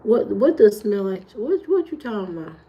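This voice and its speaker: A woman from Indiana with an Indiana accent, chatting casually on a livestream and telling stories with animated jumps in her voice; her high voice can sound youthful. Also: moderate pace, muffled recording. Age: adult. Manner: animated storytelling, jumps high when retelling. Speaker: livestream host. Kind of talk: casual livestream chat reading comments.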